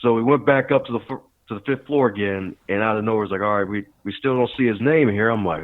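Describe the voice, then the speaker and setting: Man, podcast guest, animated storytelling, acts out quotes, phone-line sound. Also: on the low side, fast, hardly any pauses, dry recording. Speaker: podcast guest, author and speaker. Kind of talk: casual storytelling interview. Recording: tinny phone-like remote line.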